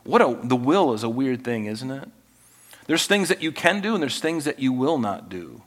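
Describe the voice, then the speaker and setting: A man's voice: mid-range voice, big pitch swings, normal speed, big-room sound. A man pastor preaching a sermon, reading scripture aloud and teaching with folksy asides and self-corrections.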